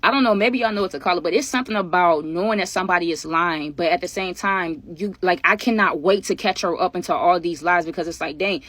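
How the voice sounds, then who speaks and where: A young woman casually telling a storytime to her viewers, slangy and animated, talking straight to them. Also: on the low side, dry recording. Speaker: vlogger.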